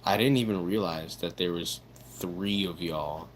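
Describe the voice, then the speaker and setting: A man's voice: low voice, measured pace, a little hiss or hum. A young man chatting casually on a livestream, laid-back and swearing, reacting to his chat.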